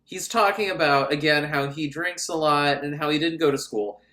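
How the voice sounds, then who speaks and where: A man's voice: fairly high pitch, moderate pace, sharp tone. A man recapping an old film in a sarcastic, mocking way and acting out the characters. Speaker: film reviewer. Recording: roomy echo.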